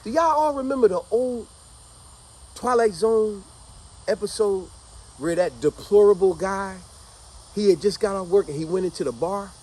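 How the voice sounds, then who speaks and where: Animated man with a high, lively voice. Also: normal speed, long pauses, slightly rough, low-quality recording. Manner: animated, conversational, addresses listeners as y'all. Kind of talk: casual storytelling.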